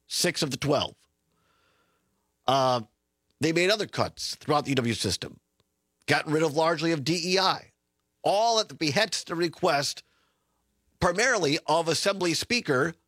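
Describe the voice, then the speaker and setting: A man's voice: fairly high pitch, dry recording. A man hosting a political talk radio show from a studio, chatty and sarcastic. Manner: chatty, sarcastic, lively asides.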